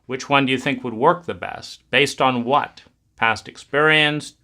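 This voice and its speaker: Bright-voiced man giving a reflective talk. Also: medium pitch, measured pace. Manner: conversational, musing, acts out inner voices. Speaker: self-help speaker. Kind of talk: reflective spoken talk on adulthood.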